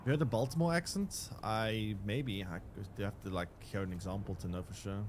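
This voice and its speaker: A man's voice: on the low side, fairly quick, background noise. A young man, chatting casually with his live chat while playing a game, rambling with restarts and fillers. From South Africa. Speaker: streamer.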